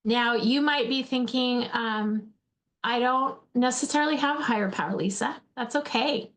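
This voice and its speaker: A woman in her forties, from Alaska, speaks in a slightly high voice. She gives a heartfelt motivational talk, repeating phrases and calling her listeners her friends. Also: normal speed, a bit bright. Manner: earnest, addresses listeners as friends, repeats words. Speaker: host, faith-based speaker.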